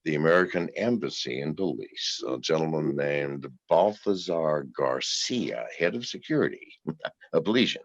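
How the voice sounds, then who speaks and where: A man with a very deep voice tells stories in a casual interview, swearing freely and laughing between lines. His voice swings widely in pitch and sounds husky. The recording is dull and dry. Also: lively intonation, normal speed, no room sound. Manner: profane, laughing anecdotal storyteller.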